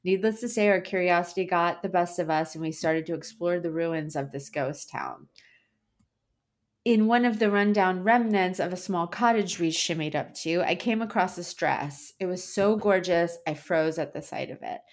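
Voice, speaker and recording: A woman's voice: fairly low pitch, moderate pace. A young adult woman co-hosting a podcast in casual chat, who reads a spooky online post aloud and laughs and swears along the way. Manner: chatty, laughing, swears for emphasis. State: tired. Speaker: podcast co-host.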